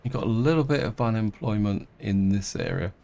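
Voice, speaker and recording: A man's voice: fairly low pitch, lively intonation, brisk, creaky, a little mellow. A middle-aged man casually commenting on his gameplay, thinking aloud with hesitant restarts and fillers. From England. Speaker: game let's-player.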